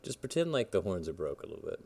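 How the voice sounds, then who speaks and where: A man's voice: low-pitched, big pitch swings, fast, vocal fry, a little mellow. A man streaming a game, chatting casually, rambling and swearing as he plays. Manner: rambling, swears, talks to himself while playing. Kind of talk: casual live-stream chat.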